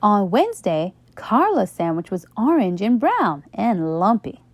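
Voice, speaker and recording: A woman reading a children's bedtime story aloud in a slow, expressive way. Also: medium pitch, no room sound.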